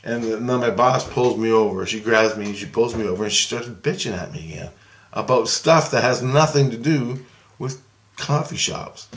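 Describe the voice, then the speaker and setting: Profane, animated man telling a story. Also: medium pitch, normal speed. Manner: animated, swears heavily, acts out quotes. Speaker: vlogger. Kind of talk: casual profane dream storytelling.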